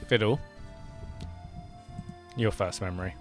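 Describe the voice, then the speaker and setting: A man's voice: fairly low pitch, takes it slowly, music in the background. A man narrating a tabletop game as game master, describing scenes in a loose, rambling way with many fillers.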